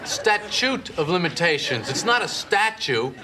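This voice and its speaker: A man's voice: high-pitched, sing-song, unhurried, over a noisy crowd, very noisy. An actor playing a wry, fussy and self-satisfied man in a sitcom clip. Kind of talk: sitcom dialogue.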